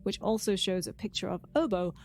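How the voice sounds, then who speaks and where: A woman's voice: mid-range voice, brisk, a little mellow. A woman co-hosting a casual podcast, chatting with enthusiasm and a lot of "um" restarts. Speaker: podcast co-host. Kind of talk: casual chat.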